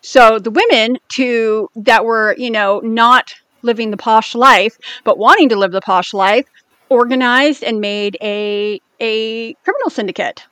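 Blunt, high-voiced American woman, dry close mic. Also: fairly bright tone, clear, resonant tone, dry recording. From United States. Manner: blunt, swears freely, quick bursts. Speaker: podcast co-host. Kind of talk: casual chat.

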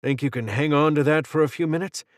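A man's voice: a little high, fast talker, no echo, clean studio sound, pitched above the performer's own voice, lightly acted. A man voicing a wounded, wry male soldier in an audiobook, terse and short of breath. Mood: gruff.

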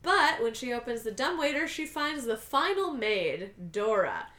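A woman's voice: fairly high pitch, sing-song, unhurried, fairly bright tone, echoey room. A woman on a podcast, animatedly retelling a movie scene and acting out characters' lines. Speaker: podcast co-host. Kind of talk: casual movie recap chat.

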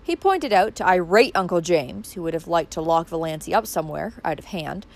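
Expressive woman narrating an audiobook. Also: fairly low pitch, brisk, gravelly. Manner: expressive, wide-ranging delivery.

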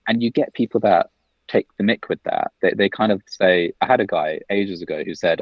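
A man, a business-owner guest on a podcast, telling stories in a quick, chatty way full of "like" fillers, recorded over a call from his office. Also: on the low side, no room sound, highs cut off. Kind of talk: casual podcast conversation.

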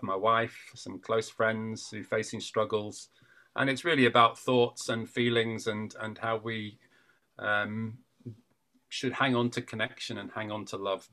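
A man's voice: lowish voice, sharp tone. A man with a Mancunian accent, a teacher and performance poet, reading his rhyming poems aloud in a rhythmic way. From Northern England. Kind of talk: poetry reading.

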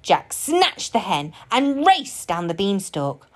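Slow, sing-song woman reading a children's story. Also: mid-range voice, big pitch swings. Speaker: storybook reader. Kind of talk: children's story read-aloud.

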